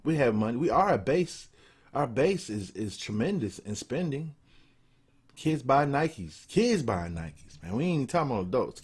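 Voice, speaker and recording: A man's voice: fairly low pitch, darkish tone, slightly rough. A man giving casual, blunt, profane video commentary, emphatic and repeating himself for emphasis. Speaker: political commentator.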